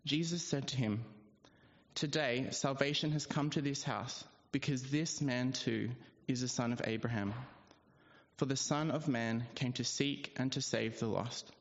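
Man reading scripture in a church. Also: mid-range voice. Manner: steady, measured reading. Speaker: scripture reader. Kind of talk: Bible reading. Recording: dull sound, long church reverb.

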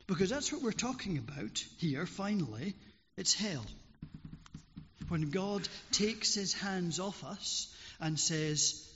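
A man preaching a sermon in a church, earnest and pleading, with slow, deliberate phrasing, on a dull recording in an echoing hall. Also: sits high, expressive, fairly bright tone.

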